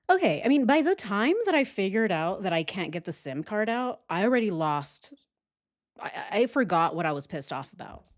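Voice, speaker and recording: Chatting through a case on her true crime livestream, this woman sounds lively and talkative at a medium pitch. She laughs quickly and swears casually as she goes.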